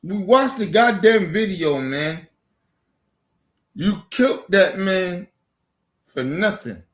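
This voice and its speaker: A man in an angry, profane rant, repeating himself, swearing constantly, swinging from near-shouts down to low mutters. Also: expressive, takes it slowly, roomy sound. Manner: heated, repetitive, swears constantly, rising to near-shouts then dropping low. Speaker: streamer ranting on camera.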